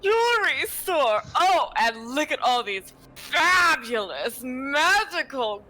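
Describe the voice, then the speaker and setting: A woman playing a tabletop role-playing game, giving an in-character promotional pitch with a showy, exclaiming delivery. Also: big pitch swings, takes it slowly, pushed and bright, faint music behind, rough recording. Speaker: player.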